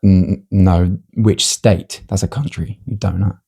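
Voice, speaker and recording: A man hosting a casual podcast, running a joke quiz in a teasing, deadpan way. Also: low-pitched, slow pace, vocal fry, breathy edge. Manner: teasing, deadpan quiz-master who breaks into laughter. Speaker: podcast host.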